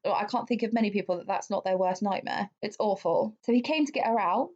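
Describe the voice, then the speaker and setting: A woman's voice: mid-range voice, quick pace, a little mellow. A woman, co-hosting a podcast and recounting a true-crime case in a chatty, swear-laden way. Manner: chatty, swears freely, many fillers. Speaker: podcast co-host. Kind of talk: casual true-crime storytelling. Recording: dull lo-fi sound.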